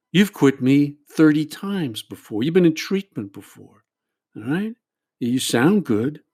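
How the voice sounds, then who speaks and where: A taunting addiction speaks with a gloating, patient menace, as a man puts it on. It pokes at its victim with mocking little questions. The voice sits higher and louder than the speaker's own dark tone. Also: slightly rough, heavily acted.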